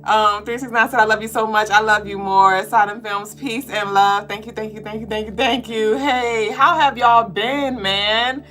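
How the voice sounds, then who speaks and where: A woman hosts a casual spiritual reading livestream, excitable and profane, greeting viewers and reading out their comments. Her pitch is fairly high and her pace moderate, with hardly any pauses, over soft background music.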